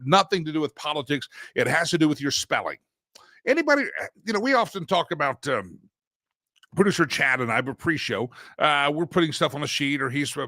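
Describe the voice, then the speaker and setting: A man's voice: a little high, sharp tone, no room sound, clean studio sound. A man hosting a morning talk show, chatty and joking, with rambling asides. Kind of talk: casual news commentary show.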